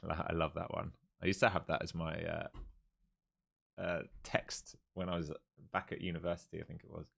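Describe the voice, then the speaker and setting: A man hosts a live trading stream with a fairly low voice, calling out price levels as he goes. He repeats himself often and mixes urging commands with offhand jokes. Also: little pitch movement, fairly quick, creaky, fairly bright tone, breathy edge. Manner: jokey, repetitive, urging. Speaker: live stream host and trader.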